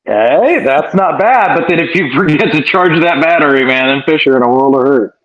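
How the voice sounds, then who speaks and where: A man's voice: on the high side, lively intonation, normal speed. A man co-hosting a live stream from a remote connection, joking and rambling in a casual way. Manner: joking, rambling, laughs easily. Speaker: co-host joining remotely. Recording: dull lo-fi remote call audio.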